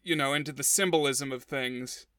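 A man's voice: mid-range voice, steady tone, normal speed, pushed and bright, dry recording, studio quality. A man co-hosting a podcast, giving thoughtful, wry analysis in casual chat. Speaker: podcast co-host.

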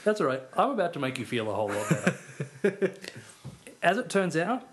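A man's voice: fairly high pitch, sing-song, moderate pace, slight background noise. A man co-hosting a podcast, making dry, wry remarks in a casual film chat. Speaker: podcast co-host.

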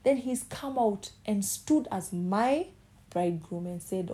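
A woman preaching a sermon. Her voice is mellow and dark-toned, and her delivery is passionate as she acts out the voices in the story. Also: medium pitch, animated, slow pace.

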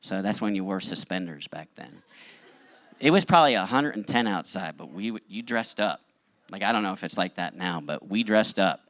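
A middle-aged male pastor telling his story in a sermon, animated, acting out what people said. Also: deep voice, moderate pace, no room sound. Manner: animated storytelling with acted-out quotes. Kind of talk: testimony sermon.

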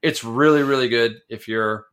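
A man co-hosting a podcast, telling stories in a rambling, excitable way and tripping over his words. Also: mid-range voice, moderate pace, a little hiss or hum. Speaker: podcast co-host. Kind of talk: casual chat.

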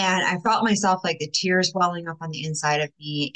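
A woman's voice: fairly low pitch, steady tone, normal speed, a bit bright, low-quality recording. A young adult woman coaching women in faith-based self-confidence, talking casually and emphatically to her viewers with many fillers. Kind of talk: casual vlog talk to viewers.

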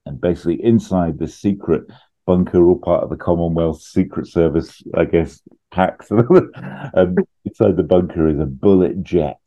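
A man co-hosting a podcast, casually pitching a film plot with lots of laughs and ums. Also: normal speed, warm tone, lo-fi sound. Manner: chatty, laughs often, trails off with ums.

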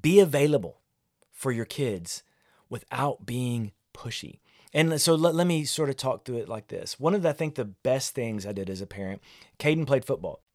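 A pastor hosting a podcast reflects alone on parenting in a mid-range, slightly mellow voice with lively intonation at a moderate pace. His manner is candid, self-mocking and conversational, with many restarts, captured in clean studio sound without echo.

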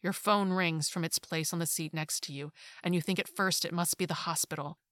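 A woman reading a second-person short story aloud in a hushed, intimate way that often drops to a whisper. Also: lowish voice, steady tone, brisk, no room sound, clean studio sound. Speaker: story narrator.

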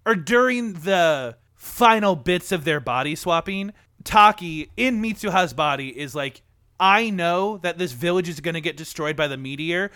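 A man's voice: fairly high pitch, bright, forceful tone, dry recording, clean studio sound. A young man retelling a film scene in a casual, emotional podcast chat, full of "like" fillers. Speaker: podcast co-host. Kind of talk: casual movie discussion.

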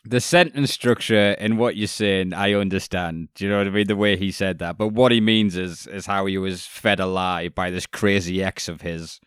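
Brief: man, podcast co-host, low smooth voice, blunt and sweary, dry close sound. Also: steady tone, normal speed, few pauses, no echo. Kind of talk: casual chat.

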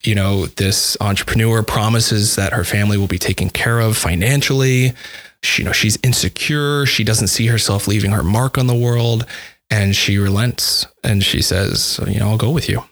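Male, conversational storyteller, low-leaning voice, dry close sound, halting delivery full of repeats. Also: fairly bright tone, no room sound. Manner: halting, repeats words and restarts often. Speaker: composer describing his dissertation project.

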